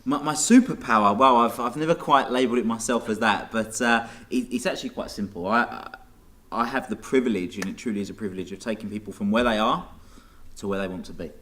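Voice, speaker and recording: Cheerful young Essex man, low voice. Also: fast talker, a bit bright. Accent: Essex English. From Essex, England. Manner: cheerful, laughing often, some restarts. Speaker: guest, mindset coach. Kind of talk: casual interview chat.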